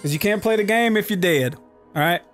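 A man commentating his own gameplay, excitable and profane, often yelling at the game. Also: high voice, a little fast, faint music behind. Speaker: let's play host.

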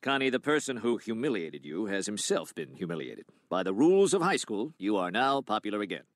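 An actor voicing an awkward middle-aged male school principal in a cartoon, with a dry, deadpan delivery. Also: lowish voice, fairly quick. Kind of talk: cartoon voice acting.

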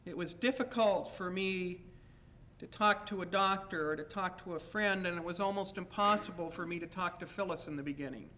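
A man's voice: high-pitched, pushed and bright. A man giving a university lecture, speaking candidly in the first person and at times reading aloud from his own writing.

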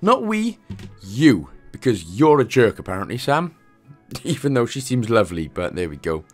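A man's voice: mid-range voice, very animated, moderate pace, soft background music. A man hosting a game walkthrough in casual commentary, chatty and jokey, drifting into playful asides.

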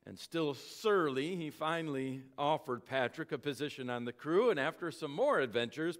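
A male pastor preaching a sermon, telling a story with dramatic slowing and volume that sinks at phrase ends. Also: fairly high pitch, a bit bright.

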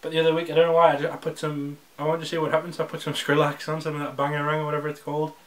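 A man's voice: fairly high pitch, completely flat delivery, rapid-fire. A teenage boy chatting casually on his home vlog, rambling and restarting with jokey asides. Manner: rambling, self-interrupting, jokey. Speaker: vlogger. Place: indoors at home.

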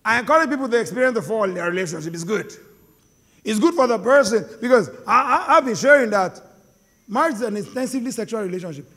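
Man, Nigerian accent, pastor, very high voice, lively preaching, reverberant hall. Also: fast. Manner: animated, joking, call-and-response with the congregation. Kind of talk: sermon. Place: large hall with live congregation.

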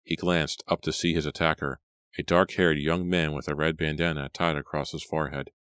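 A man reading a horror audiobook in a measured, steady narration. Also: rumbling low, clear, resonant tone, no echo, clean studio sound. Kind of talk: scripted narration.

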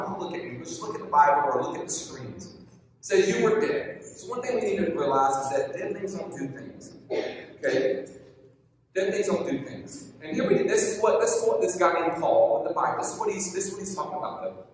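A man giving a storytelling youth sermon, animated and joking, repeating his key lines. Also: high voice, slight background noise. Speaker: youth pastor. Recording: echoey hall from far off.

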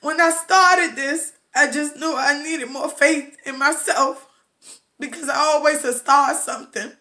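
A woman hosting her own podcast, talking in an emotional, nervous, excitable way and calling listeners baby and boo. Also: high voice, unhurried. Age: adult with children. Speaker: podcast host. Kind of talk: casual motivational talk. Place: Maryland, USA.

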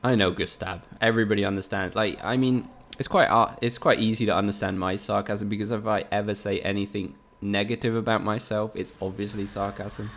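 A man's voice: fairly low pitch, fairly even intonation, a little fast, gravelly, few pauses, a bit bright. A man casually commentating a live game stream, chatting with viewers, swearing often and joking sarcastically. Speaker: gaming streamer.

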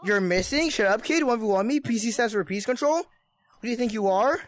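A woman's voice: fairly high pitch, expressive, brisk, voice pushed up, lightly acted. A woman playing a cocky, trash-talking young online gamer who keeps taunting other players. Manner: taunting, bragging, repetitive insults. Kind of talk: gameplay role-play impression.

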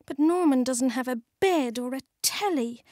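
A woman voicing an eager young boy who is earnest, excitable and a bit pleading. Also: high-pitched, normal speed, dry recording, studio quality, pitched above the performer's own voice. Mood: sulky. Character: eager young boy who loves his pet frog.

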